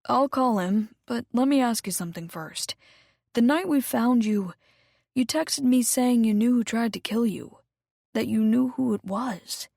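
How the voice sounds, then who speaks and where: Woman doing a gushing, excitable young man. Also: unhurried, creaky, dry recording, studio quality. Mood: earnest. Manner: high-pitched and gushing. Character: excitable young man, anxious best friend.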